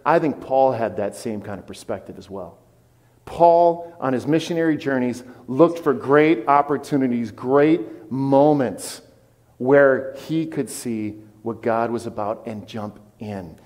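A man preaching a sermon as pastor, animated and conversational with his congregation. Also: medium pitch, a little slow, long reverb tail. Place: church.

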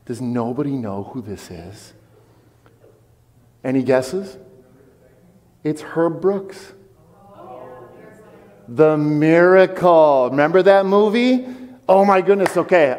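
A man preaching a sermon as pastor, animated and conversational with his congregation. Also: a little high, big-room sound. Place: church.

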